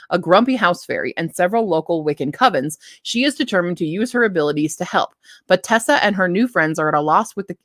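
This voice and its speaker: A woman's voice: fairly low pitch, a bit bright, no echo, studio quality. A woman hosting a live book stream, chatting casually and thinking aloud as she reads blurbs, often restarting her sentences. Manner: self-interrupting, frequent restarts.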